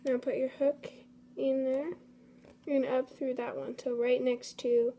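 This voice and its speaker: A woman's voice: high-pitched, level tone, measured pace, warm tone. A young woman hosting a casual craft tutorial, chatty and apologetic, talking to her materials as she works. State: a bit out of breath. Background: faint storm noise.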